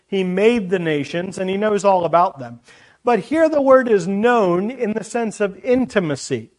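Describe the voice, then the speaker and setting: A man preaching a sermon, teaching earnestly from scripture with chatty asides to the congregation. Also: sits high.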